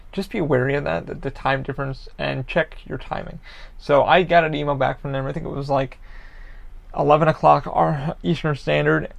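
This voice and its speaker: A man's voice: a little high, gravelly. A man, a podcast host from the Orlando, Florida area, rambling casually and profanely about a frustrating order, with lots of fillers.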